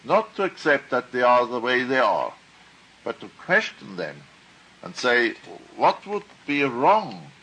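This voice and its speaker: A man teaching a class in a slow, deliberate lecture, asking question after question and often tagging on "huh?". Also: mid-range voice, very animated, sharp tone, breathy edge, poor audio.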